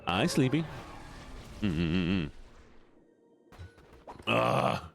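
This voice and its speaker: A man's voice: lowish voice, big pitch swings, very slow, gravelly, soft background music. A man streaming a video game, chatting playfully with his viewers in casual commentary. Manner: playful, banters with chat, drops into silly voices.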